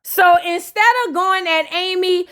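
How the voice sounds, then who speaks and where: A woman with a high voice recaps a reality show in a gossipy, sassy tone. She tells it casually, like juicy news for a friend. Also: level tone, measured pace, a bit bright. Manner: gossipy, sassy, colloquial storytelling.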